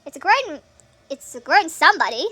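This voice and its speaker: High bright sped-up woman gamer. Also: big pitch swings, fairly quick, faint music behind. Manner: chatty, thinking aloud with frequent laughs and fillers. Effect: sped-up nightcore pitch shift. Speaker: gameplay streamer. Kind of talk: gameplay commentary.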